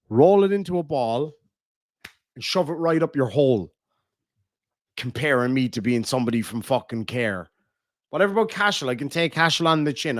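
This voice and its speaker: A man's voice: on the high side, no echo. Casting: Irish man, Cork accent, live streamer, foul-mouthed joker, dry close sound. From Ireland. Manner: crude, joking banter, heavy swearing. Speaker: live streamer reading chat. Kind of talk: casual live-stream chat.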